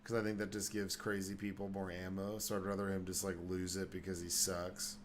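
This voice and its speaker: A man from Dallas hosts a casual podcast in a lowish voice, rambling through his points with frequent restarts and swearing. A faint hiss sits under the recording. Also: completely flat delivery, fairly quick. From Dallas, Texas. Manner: rambling, profane, restarts often. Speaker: podcast host. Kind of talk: casual chat.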